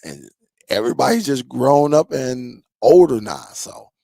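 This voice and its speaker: A man's voice: mid-range voice, expressive, measured pace, gravelly, dark tone, dry recording, clean studio sound. A man hosting a streaming tech channel, chatting loosely with his viewers in a rambling way and laughing often. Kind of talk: casual livestream chat with viewers.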